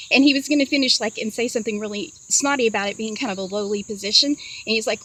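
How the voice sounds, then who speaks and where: A woman's voice: on the high side, fast, fairly bright tone, low-quality recording. A woman talking casually to her phone camera from inside a parked car, rambling through a story with many fillers and asides. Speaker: vlogger sharing dreams.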